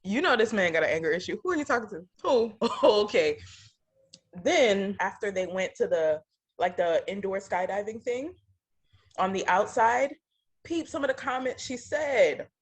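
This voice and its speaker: Another co-host of the reality TV reaction show speaks with a husky, medium-pitched voice, animated but a little slow. She chats casually in reaction to a TV episode, giving blunt opinions full of slang.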